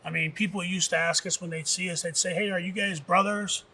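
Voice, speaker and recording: Gravelly-voiced middle-aged man telling stories. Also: high voice, steady tone, a little fast, sharp tone. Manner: rambling, casual, profane, with many fillers. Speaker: former professional wrestler, interviewee. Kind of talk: documentary interview storytelling. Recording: distant mic with faint music.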